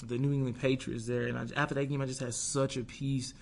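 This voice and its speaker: A young man's mid-range voice is level, fast and a little mellow, with vocal fry and slight background noise. A pro football player guesting in a candid conversational interview, he earnestly reflects on a hard career stretch, often restarting and acting out his own earlier thoughts.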